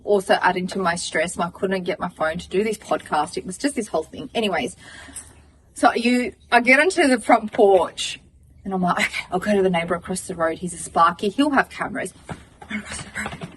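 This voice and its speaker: A woman's voice: mid-range voice, moderate pace, far from the mic, a little hiss or hum, rough recording. An Australian woman in her thirties, a podcast co-host, telling a long story in casual chat, swearing and acting out what people said. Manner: animated, swearing, acts out dialogue.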